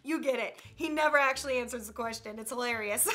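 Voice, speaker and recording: Sassy high-voiced young woman. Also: bright, forceful tone. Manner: sassy, quick comebacks, laughs often. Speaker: video creator. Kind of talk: reading and reacting to online jokes.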